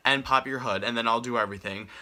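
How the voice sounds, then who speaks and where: A man's voice: mid-range voice, fairly even intonation, fast talker, pushed and bright, slight background noise, pitched below the performer's own voice. A man voicing a casual young male stranger who asks for favors in an easygoing, offhand way.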